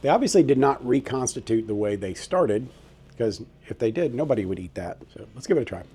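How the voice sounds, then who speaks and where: Dad type, mellow husky voice, folksy and enthusiastic vlogger. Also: male voice, medium pitch, lively intonation, fairly quick. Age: middle-aged. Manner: folksy, enthusiastic taste-testing. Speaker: cooking vlogger. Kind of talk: casual cooking vlog. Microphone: handheld camera mic.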